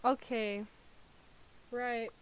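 A woman streaming a game from home, chatty and giggly, sounding tired with her voice going hoarse. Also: on the high side, fairly even intonation, extremely slow, slight background noise. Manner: chatty, giggly, self-mocking. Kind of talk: casual live gaming commentary.

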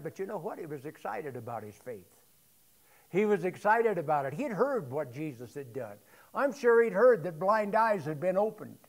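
A man preaching a sermon to his congregation in church, swinging from quiet talk to loud shouted scripture and calling for responses. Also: high-pitched. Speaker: pastor. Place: church sanctuary.

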